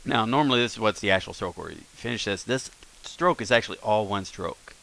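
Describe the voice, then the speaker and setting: A man with a lowish, bright and forceful voice talks through a screen-recorded language lesson. His delivery is relaxed and unscripted, full of fillers and quick self-corrections. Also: gravelly. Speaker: language teacher.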